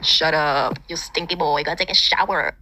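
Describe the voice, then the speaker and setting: Bright-voiced woman teasing and bossing. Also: low voice, normal speed. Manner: teasing, bossy, scolding. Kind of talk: casual chat.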